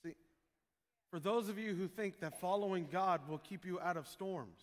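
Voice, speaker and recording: Preaching in a large hall, a pastor with a high voice speaks at a moderate pace. He jokes with his congregation and breaks into loud, shouted prayers.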